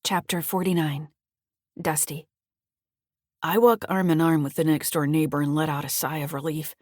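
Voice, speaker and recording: A woman author reading her thriller audiobook in a measured, steady first-person narration. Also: low voice, no echo, clean studio sound.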